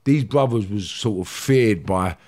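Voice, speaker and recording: A man's voice: fairly low pitch, measured pace, darkish tone. A man, a guest in a casual interview, telling a story animatedly and swearing often while he acts out what others said.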